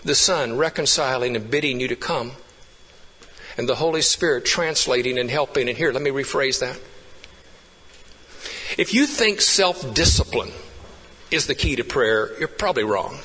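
A pastor preaching a sermon with fervent rises and hushed, intimate drops. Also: male voice, mid-range voice, normal speed, breathy edge, in a large hall, low-quality recording.

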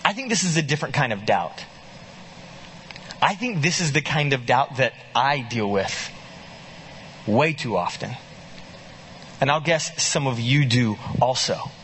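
A man preaching a sermon, reading scripture aloud and pressing his listeners with animated, emphatic questions. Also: medium pitch, measured pace, pauses often, a little hiss or hum. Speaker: pastor.

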